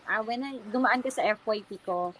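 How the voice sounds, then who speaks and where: A woman's voice: on the high side, fairly quick, fairly bright tone. A woman hosting a podcast interview, reacting with enthusiasm in casual chat. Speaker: podcast host.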